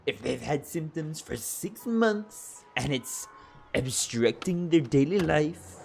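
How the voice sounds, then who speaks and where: A man's voice: fairly high pitch, animated, takes it slowly, gravelly, a little mellow, slight background noise, voice pushed up, heavily acted. A young man doing a silly put-on voice to read out a textbook passage. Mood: mock-serious.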